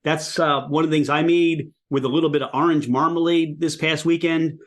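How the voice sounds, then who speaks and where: A podcast host from Pennsylvania, USA, tastes a drink and talks about it in enthusiastic, animated detail during a casual interview chat. His voice is fairly high and brisk.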